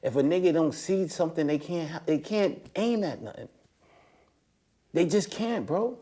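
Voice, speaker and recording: Male guest, loose street talk, animated storyteller, voice spikes up when excited. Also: normal speed. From United States. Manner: animated storytelling, slangy and profane, voice rising high when excited. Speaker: interview guest. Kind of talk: casual conversation.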